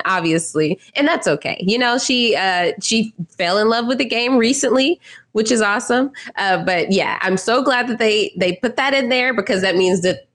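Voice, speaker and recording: Woman, podcast co-host, bubbly casual chat, laughs a lot, quick run-on sentences. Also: on the high side. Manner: bubbly, laughs often, fast run-on talk with fillers.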